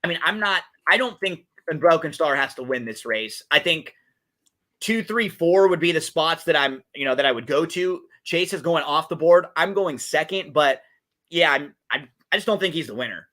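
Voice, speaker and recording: A man's voice: on the high side, lively intonation, normal speed, sharp tone. A man co-hosting a podcast, chatting casually about race and game picks with lots of fillers and restarts. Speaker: podcast co-host. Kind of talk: casual betting talk. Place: podcast setup.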